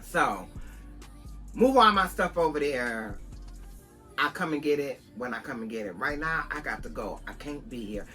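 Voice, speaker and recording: A woman's voice: extremely low pitch, expressive, moderate pace, sharp tone, soft background music. A woman from Buffalo, New York, vlogging a casual storytime to her viewers, talking conversationally and calling her listeners "girl".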